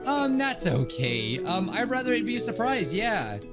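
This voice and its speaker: A man voicing a sweet, timid young wolf girl baker who speaks softly, politely and nervously. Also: high voice, sing-song, moderate pace, voice pushed up. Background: game music.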